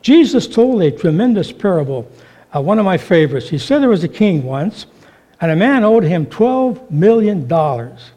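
Male pastor, high lively voice, warm tone, sermon, storytelling. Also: normal speed. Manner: animated storytelling, acting out voices.

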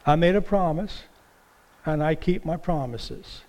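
A male preacher voicing a tearful, clever widow in a sermon joke, speaking softly and quietly. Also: on the high side, unhurried. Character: tearful clever widow keeping her promise.

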